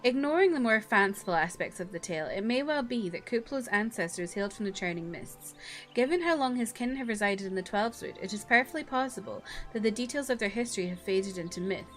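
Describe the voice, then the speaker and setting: A woman's voice: medium pitch, lively intonation, fast, faint music behind, lightly acted. A woman voicing an earnest young male scholar who speaks in formal, old-fashioned phrases.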